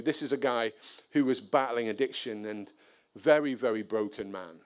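A man telling a personal story in an animated, self-deprecating way. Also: mid-range voice, moderate pace. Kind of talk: storytelling talk.

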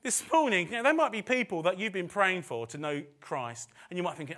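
A man's voice: high-pitched, sing-song, fairly quick, hardly any pauses, bright, forceful tone. A middle-aged man preaching a sermon in a chatty way, with self-deprecating asides and phrases repeated for emphasis. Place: church service.

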